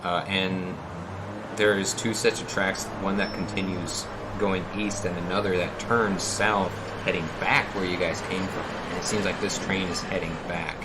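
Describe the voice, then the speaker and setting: A man with a raspy voice narrating a tabletop game as game master, meandering and restarting as he goes. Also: sits low, steady tone, normal speed, heavy background noise. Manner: meandering, with many fillers and restarts.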